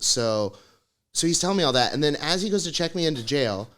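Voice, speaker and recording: A young man tells a comic story with a lively, swooping delivery. His voice is bright and tense, and he breaks into frequent laughter as he acts out the people he quotes. He talks in a loose, rambling way. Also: fairly high pitch, a little fast. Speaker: podcast co-host. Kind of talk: comedic storytelling.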